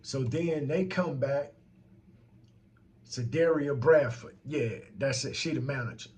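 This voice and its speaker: A man's voice: mid-range voice, unhurried, darkish tone, husky. A man telling a story about a complaint in a casual, heated and profane rant.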